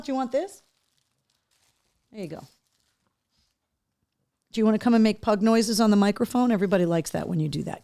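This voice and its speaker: A woman's voice: medium pitch, fairly quick, pauses often, darkish tone, no echo. A woman hosting a casual live show, chatting to her dogs in a coaxing voice and reading out viewer comments. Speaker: host. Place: home studio room.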